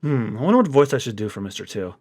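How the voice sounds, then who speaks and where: A man co-hosting a podcast, chatting casually and thinking out loud as he reads. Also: mid-range voice, sing-song, fast, background noise. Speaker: podcast co-host. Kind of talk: casual manga readthrough chat.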